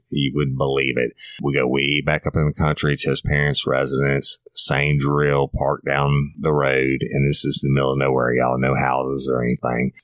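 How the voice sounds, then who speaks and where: A middle-aged former police officer tells a story in a blunt, folksy, cussing way. His voice sits extremely low. The sound is dry and close, with no room around it. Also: a bit bright, no room sound. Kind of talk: true crime storytelling podcast.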